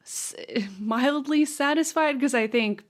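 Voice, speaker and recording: A woman's voice: sits high, slow pace. A woman co-hosting a podcast, chatting casually and bluntly about a film and laughing along. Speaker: podcast co-host. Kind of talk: casual film review chat.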